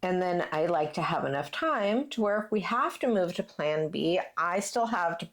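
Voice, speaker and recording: A woman's voice: on the low side, lively intonation, normal speed. A woman hosting a casual crafting chat, talking in a chatty way with lots of fillers. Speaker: channel host.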